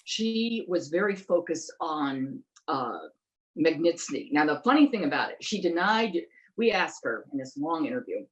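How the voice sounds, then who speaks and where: A woman investigative journalist speaks animatedly and emphatically in a conversational interview, tossing in rhetorical questions. Her voice sits low at a moderate pace, and the recording is rough.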